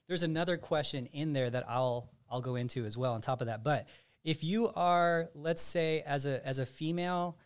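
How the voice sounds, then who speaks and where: A man's voice: on the high side, moderate pace, clear, resonant tone. A man, a physique coach and podcast host, explaining his methods in casual chat and often restarting sentences. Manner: explains at length with frequent restarts.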